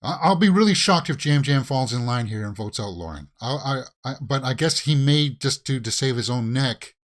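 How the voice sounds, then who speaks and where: A man doing casual watch-along commentary at a medium pitch. His voice is very lively and climbs sharply whenever he gets exasperated and fires off the same question again and again. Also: moderate pace. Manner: animated, exasperated rants with repeated questions. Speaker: reaction video host.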